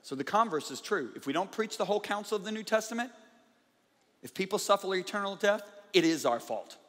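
A man preaching a conference sermon, emphatic, swinging from loud bursts to quiet intensity. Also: high-pitched, expressive, fairly quick. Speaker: guest preacher. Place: large church conference hall. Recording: live hall with long reverb.

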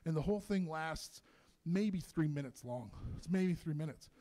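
A man performing a stand-up comedy set in a comedy club, telling stories in an animated, profane way. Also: fairly high pitch, normal speed.

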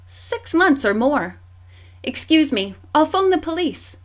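A woman's voice: sits high, very animated, slow pace, pitched above the performer's own voice, full character voice. A woman reading an audiobook, voicing a helpful, chatty male museum guard. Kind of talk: audiobook character voice.

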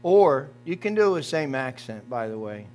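A man's voice: mid-range voice, very animated, fairly quick, darkish tone. A man preaching a sermon as pastor, talking directly and folksily to his congregation.

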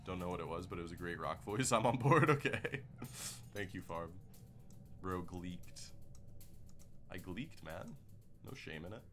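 A man's voice: low voice, expressive, measured pace, pauses often, fairly bright tone, soft background music. A man streaming a game live, chatting loosely and joking with his viewers in slangy casual talk. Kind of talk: casual live gameplay commentary.

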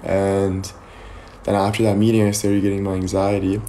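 Young male streamer, lowish mellow voice, laid-back rambling chat, faint hum behind. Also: moderate pace. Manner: relaxed, rambling, thanks viewers often. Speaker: live streamer. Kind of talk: casual live-stream chat.

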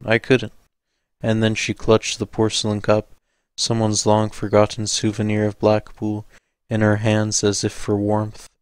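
A man narrating an audiobook in a measured, steady way. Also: on the low side, clear, resonant tone, no echo.

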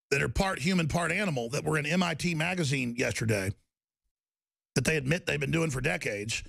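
A middle-aged male host rants through a broadcast monologue, his fairly high voice rough with gravel. He swings between shouted peaks and low, intense stretches. The sound is dry and close. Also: no room sound. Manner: ranting, shifting from loud outbursts to low intensity. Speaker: talk show host.

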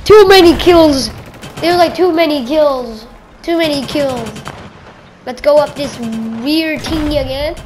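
A woman giving excitable gameplay commentary, exclaiming at game events and playfully calling other players "bro". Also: sits high, unhurried, slight background noise. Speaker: gamer.

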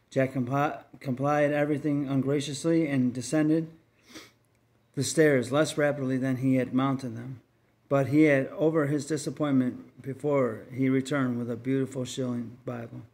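Male reader, mid-pitched, earnest and measured storytelling for a religious tract. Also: little pitch movement, a little mellow.

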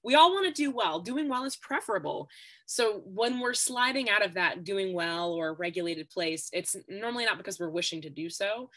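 Bright-voiced woman explaining as guest. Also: mid-range voice, lively intonation, normal speed. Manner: explanatory, leans on "really". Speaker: guest expert. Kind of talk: podcast interview.

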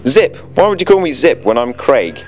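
A man's voice: on the high side, sing-song, moderate pace, slight background noise. Craig, a man voicing a flustered slug accountant. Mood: exasperated. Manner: exasperated, plain-spoken. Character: flustered male slug office worker.

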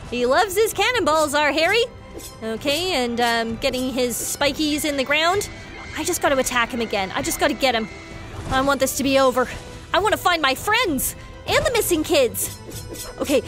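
A woman hosting a gaming video, narrating a Roblox story as she plays, excitable with dramatic gasps and exclamations. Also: high-pitched. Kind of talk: narrating a Roblox game while playing.

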